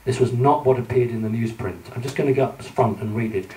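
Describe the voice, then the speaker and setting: In a roomy hall, a man's voice arrives from a distance as he presents slides to a live audience. His medium-pitched, dark-toned voice moves a little fast, conversational and direct, full of ums and restarts.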